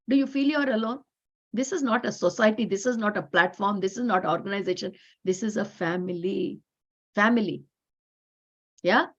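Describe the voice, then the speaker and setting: Indian woman facilitator, high register, insistent delivery, dull lo-fi call sound. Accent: Indian English. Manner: emphatic, repetitive, animated. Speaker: workshop facilitator. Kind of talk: spiritual talk to a women's group. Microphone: video call.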